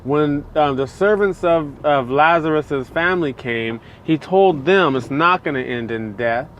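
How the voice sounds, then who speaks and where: A man's voice: on the high side, unhurried, fairly bright tone, highs cut off, slight background noise. Man giving a loose, chatty devotional talk. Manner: conversational and loose, many fillers like "you know" and "like". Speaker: preacher.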